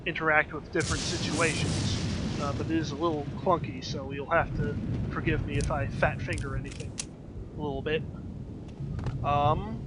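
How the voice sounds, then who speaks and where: This streamer talks through a video game as he plays, chatty and wry, full of ums and uhs. His voice sits on the high side with fairly even intonation at a normal speed, and there's heavy background noise.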